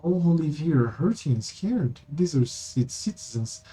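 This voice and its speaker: A man's voice: a little high, big pitch swings, moderate pace, mellow, husky, low-quality recording. A man streaming a game, reading its text aloud and adding offhand remarks.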